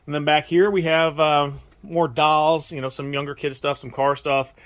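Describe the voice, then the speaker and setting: A man who owns a toy store, walking through it and talking casually and excitedly, often restarting his sentences. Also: fairly high pitch, normal speed. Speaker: toy store owner giving a tour. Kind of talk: casual walkthrough tour.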